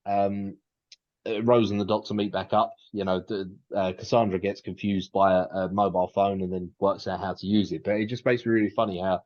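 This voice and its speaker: A man's voice: deep voice, level tone, a little fast, a little mellow, muffled recording. A man co-hosting a podcast, chatting casually and rambling with lots of restarts and fillers. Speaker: podcast co-host.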